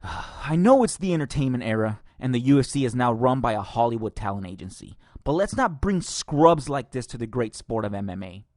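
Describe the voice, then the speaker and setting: A man's voice: mid-range voice, expressive, a little fast, darkish tone, dry recording, clean studio sound. A man hosting a podcast, ranting angrily and profanely with sarcastic laughs. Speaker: podcast host.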